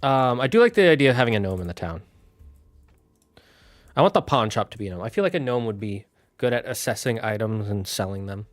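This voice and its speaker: A man thinking aloud on a casual solo stream, building out a fantasy town with halting, restarting speech. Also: fairly low pitch, lively intonation, no echo.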